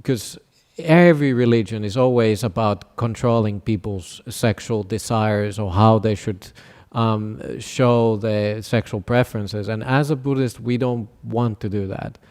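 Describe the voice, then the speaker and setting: A man who is a Buddhist monk teacher, speaking haltingly with many restarts in a teaching workshop dialogue. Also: fairly low pitch, darkish tone.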